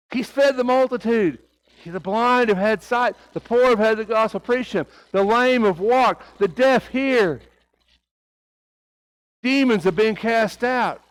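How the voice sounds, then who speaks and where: A man preaching a sermon, asking his congregation rhetorical questions and swinging between hushed and raised delivery, with a light Oklahoma Southern accent. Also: very high voice, no echo, rough recording.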